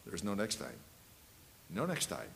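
A man around seventy preaching a sermon, telling anecdotes and repeating key phrases, swinging between loud and hushed delivery. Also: fairly low pitch, wildly swooping pitch, measured pace, creaky, a little hiss or hum.

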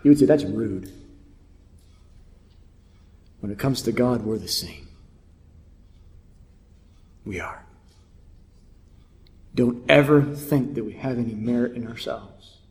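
A man preaching a sermon with dramatic swings between hushed whispers and loud cries. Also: medium pitch, measured pace, pauses often. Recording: echoey hall.

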